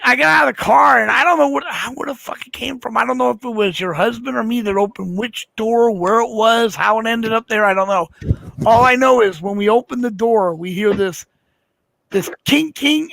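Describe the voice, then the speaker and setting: Male stream host, high and gravelly, loose profane storyteller; dry close mic. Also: fairly quick, fairly bright tone, no echo. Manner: profane, rambling, laughing storyteller. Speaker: livestream host. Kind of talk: casual late-night chat.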